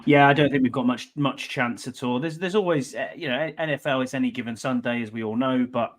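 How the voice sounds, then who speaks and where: A man's voice: mid-range voice, brisk. A man chatting casually about football, easygoing and agreeable. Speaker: podcast guest. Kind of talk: casual sports chat.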